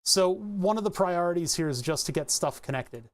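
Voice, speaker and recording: A streamer in a chill livestream, talking at a medium pitch, unhurried and half to themselves. Sentences trail off and get corrected along the way, like someone thinking out loud while working. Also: expressive. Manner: muttering to self, frequent self-corrections. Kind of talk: relaxed think-aloud livestream narration.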